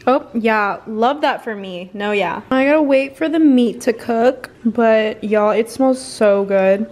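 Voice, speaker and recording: A woman's voice: on the high side, slow pace, slight background noise. A young woman chatting animatedly in a casual vlog, recorded in her car on a camera phone. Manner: chatty, animated retelling with quoted voices. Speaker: vlogger.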